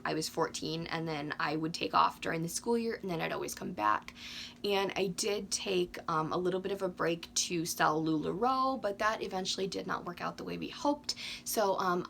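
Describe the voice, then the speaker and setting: A woman in her twenties chatting casually to camera with lots of ums, a little hoarse from losing her voice. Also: fairly low pitch, fairly bright tone, slight background noise. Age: 20s. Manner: chatty, frequent ums, candid. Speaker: doll collecting YouTuber.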